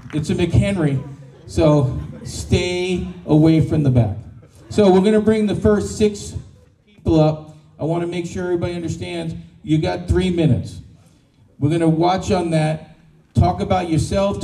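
A man emceeing a live pitch event, jovial and reassuring, telling the audience to relax and have fun. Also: creaky, mellow, slight background noise. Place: large event room in Austin. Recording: echoey room, mic at a distance.

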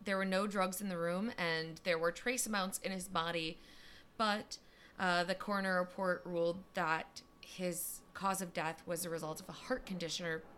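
A woman's voice: on the low side, steady tone, a bit bright, a little hiss or hum. A young woman co-hosting a podcast, telling a story in a casual chat with lots of fillers. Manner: chatty, lots of fillers and quick asides.

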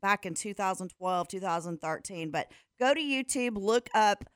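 A woman's voice: mid-range voice, expressive, moderate pace, clean tone, dry recording, clean studio sound. A woman presenting a sports segment on the radio, chatting and giggling as she explains a story. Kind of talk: casual radio chat.

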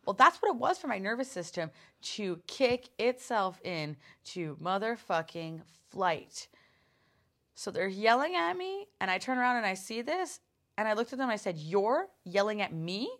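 A woman hosting her own podcast, telling a personal story in a casual, animated way, with lots of swearing, fillers and restarts. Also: mid-range voice, moderate pace. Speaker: podcast host.

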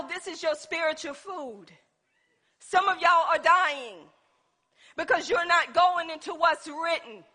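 High, bright-voiced woman preaching. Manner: call-and-response preaching, swinging from shouts to soft asides. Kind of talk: sermon. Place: church.

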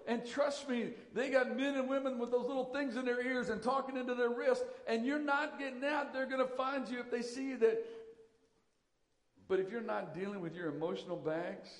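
High-voiced pastor preaching in an echoey hall. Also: male voice. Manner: emphatic preaching, repeats key lines. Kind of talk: sermon.

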